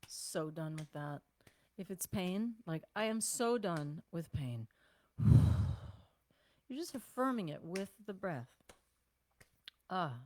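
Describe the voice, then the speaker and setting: An older woman leading a self-care class, giving gentle, unhurried instructions with sighs and breathing cues. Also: fairly low pitch, no room sound. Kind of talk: guided self-massage class.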